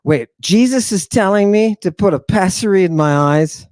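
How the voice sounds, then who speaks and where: A man hosting an animated lecture on word meanings, talking emphatically in an excitable, jokey, irreverent way. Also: high-pitched, moderate pace, no echo. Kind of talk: animated lecture to an online audience.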